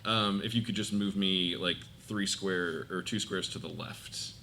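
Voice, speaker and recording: A man's voice: low voice, steady tone, a little slow, bright, forceful tone. A man playing a tabletop game live, giggly and apologetic as he rambles through his turns. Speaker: player. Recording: live event with faint room noise.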